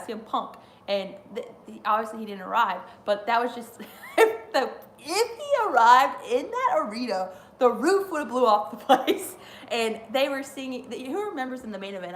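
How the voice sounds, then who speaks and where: A woman's voice: on the high side, fairly bright tone, a little hiss or hum. A woman hosting a casual wrestling watch-along, chatting in a rambling way and laughing often. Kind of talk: casual live reaction chat.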